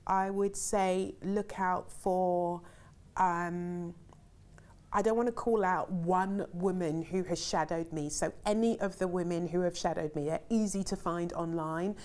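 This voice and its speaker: A woman's voice: lowish voice, fairly even intonation, measured pace, darkish tone. A middle-aged woman, a film director, reads interview questions aloud and answers them in a chatty, rambling way with lots of ums and easy laughter. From Ghana.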